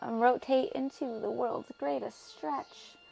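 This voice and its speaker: Yoga teacher lady, kinda high voice with some fry, calm encouraging cues, soft music behind. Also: slow pace. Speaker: yoga instructor. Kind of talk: guided yoga class. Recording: music playing faintly behind.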